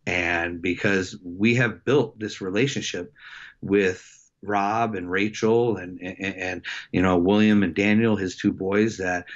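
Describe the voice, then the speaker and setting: Middle-aged coach, very low voice, reflective and halting; slightly dull lo-fi audio. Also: male voice, steady tone. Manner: reflective, halting with many fillers and restarts. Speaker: wrestling head coach, podcast guest. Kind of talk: casual storytelling interview.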